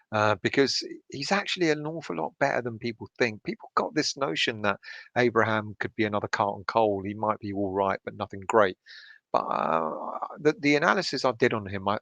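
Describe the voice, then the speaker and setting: A man's voice: on the low side, fairly bright tone, no echo. A middle-aged man hosts a late-night chat, keeping his voice down and swearing freely as he reads viewer comments. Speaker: fan channel host reading live chat. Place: home at night.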